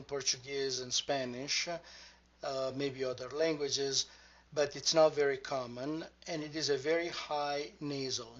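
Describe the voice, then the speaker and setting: A man teaching a pronunciation lesson, repeating each word slowly and carefully to model its sound. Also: mid-range voice, fairly even intonation, fairly bright tone. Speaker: language teacher. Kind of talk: slow, deliberate pronunciation lesson. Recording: dull lo-fi recording.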